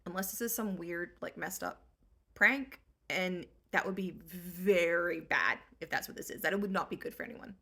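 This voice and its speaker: A woman's voice: on the low side, normal speed, gravelly, pushed and bright, voice pushed down, full character voice. A woman voicing a skeptical, weary queen who talks in a dry, doubting way. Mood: doubtful.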